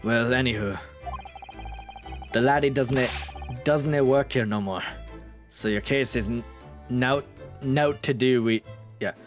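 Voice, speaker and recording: A gruff older prison governor with a rough Scottish accent, put on by a man reading a game aloud. He talks a little lower than the reader's usual voice and stumbles over his words now and then. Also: unhurried, pauses often, faint music behind, close to an everyday voice. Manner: stumbling, fumbled lines.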